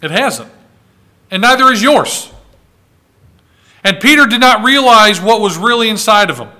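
A man delivers a sermon in a high, bright voice, pressing his points through repetition and pauses. He reads scripture aloud in its old wording, then drives it home to the congregation. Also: lively intonation. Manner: emphatic preaching with repeated words and long pauses. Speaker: pastor.

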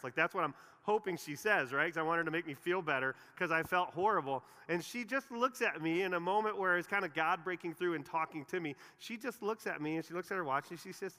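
A man in his forties preaching a sermon, telling stories and swinging between loud emphasis and quiet, intimate moments. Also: sits high, lively intonation, fairly quick. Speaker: pastor. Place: church auditorium. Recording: long reverb of a church hall.

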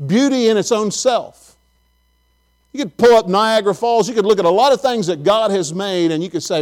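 A man's voice: high voice, normal speed, darkish tone. A middle-aged man, preaching a sermon in a folksy, chatty storytelling way and talking directly to his congregation. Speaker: pastor.

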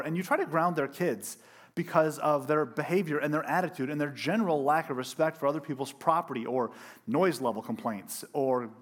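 Animated preacher with a slightly high voice. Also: male voice. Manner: animated, emphatic, self-deprecating. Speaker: pastor. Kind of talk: sermon. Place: church room with a congregation.

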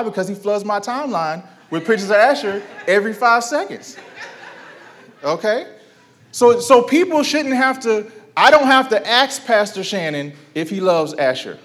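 A man's voice: high-pitched, expressive, measured pace, a bit bright. Man preaching in conversational call-and-response. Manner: conversational preaching with rhetorical questions and repetition. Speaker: pastor. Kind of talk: sermon.

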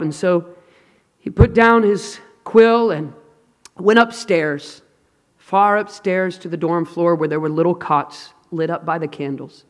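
Male preacher, high voice, dramatic hushed-to-loud delivery, long hall reverb. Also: measured pace. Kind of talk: sermon. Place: large hall with an audience.

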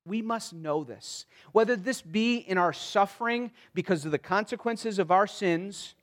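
A man preaching an expository sermon in an earnest, pleading way, moving between soft stretches and emphatic ones. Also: sits high, measured pace. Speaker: pastor.

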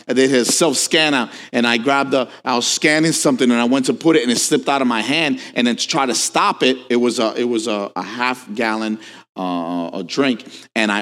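A man preaching a sermon as pastor, swinging from hushed lines to shouted questions, telling stories with casual asides. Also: medium pitch. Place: church sanctuary. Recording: long hall reverb.

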